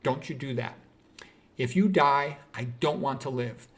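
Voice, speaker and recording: A man's voice: medium pitch, moderate pace, natural voice. A man voicing his middle-aged mother, fussing and pleading in a raised voice. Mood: desperate.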